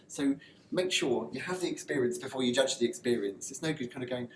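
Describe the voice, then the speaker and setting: A man's voice: mid-range voice, a little fast. Man coaching in an echoey room. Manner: loose and conversational, frequent fillers and restarts. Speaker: personal development coach. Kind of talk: motivational talk to camera. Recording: echoey room with faint ambient noise.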